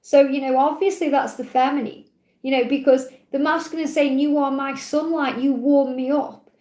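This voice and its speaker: A woman gently reading oracle card messages aloud in a live walkthrough, affirming each one with soft praise. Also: high voice, steady tone, normal speed, reverberant. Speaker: tarot and oracle card reader.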